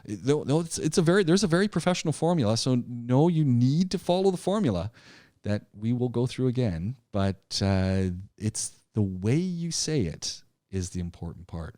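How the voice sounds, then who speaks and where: Animated male instructor, dry close sound. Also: mid-range voice, moderate pace, no room sound. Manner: animated, emphatic, repeats himself and restarts. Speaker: public speaking instructor. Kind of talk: live online class lecture.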